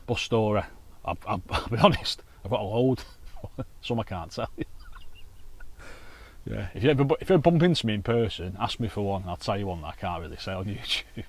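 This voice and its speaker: Out by the lake with his line in, the man tells fishing anecdotes to camera in a chatty, sweary style. He's a carp angler and vlogger whose fairly low voice comes across animated and brisk.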